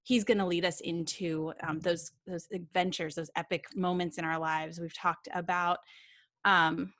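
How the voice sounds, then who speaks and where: A woman co-hosting a church podcast, speaking earnestly in quick bursts with "um" fillers. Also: fairly low pitch, little pitch movement, a bit bright, dry recording, clean studio sound. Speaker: podcast co-host. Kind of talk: casual podcast chat.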